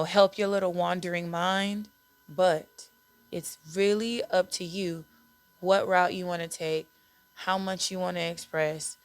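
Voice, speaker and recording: A woman's voice: fairly low pitch, creaky, dry recording. A woman hosting a podcast, talking candidly and conversationally about self-care and parenting, repeating words for emphasis. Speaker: podcast host.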